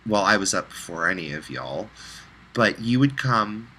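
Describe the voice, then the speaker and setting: A man's voice: on the low side, expressive, moderate pace, sharp tone, slight background noise, poor audio. A man recording a heartfelt, rambling personal video message, close to tears at times.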